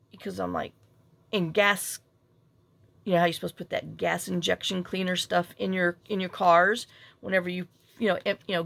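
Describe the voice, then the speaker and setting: A woman's voice: fairly low pitch, vocal fry, no echo. A middle-aged woman, rambling and self-deprecating as she tells a story while crafting at home. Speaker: crafting vlogger.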